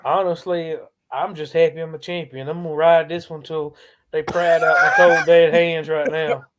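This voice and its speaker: A man guest in a casual podcast interview, an animated, slangy storyteller who laughs often. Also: a little high, moderate pace. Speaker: guest wrestling promo performer.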